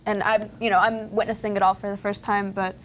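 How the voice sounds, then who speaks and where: A woman's voice: medium pitch, flat delivery, fairly quick, slight background noise. A young woman, a guest from a family butcher shop, chatting casually with plenty of fillers. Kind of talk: casual interview.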